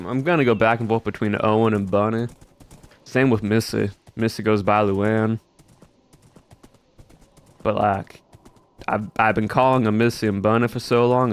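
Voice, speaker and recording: A man's voice: fairly low pitch, fairly even intonation, normal speed, clean tone. A young man streaming as a cowboy in a put-on Southern US drawl, chatting casually in character with a folksy, rambling manner. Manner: laid-back folksy drawl, rambling asides. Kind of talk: casual in-character roleplay chat.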